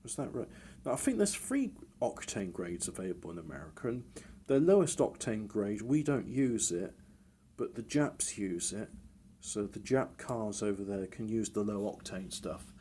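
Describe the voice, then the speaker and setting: A man's voice: fairly low pitch, expressive, moderate pace, warm tone, slight background noise. A man in casual chat, rambling and correcting himself with wry asides.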